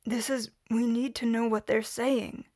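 An earnest, troubled male soldier, voiced by a woman reading a story, who speaks in a strained way. The delivery stays flat, and the sound is dry and close. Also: a little high, unhurried, no echo.

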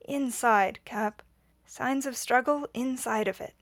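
A woman's voice: fairly high pitch, slow pace, dry recording. A woman reading the lines of a blunt, matter-of-fact man.

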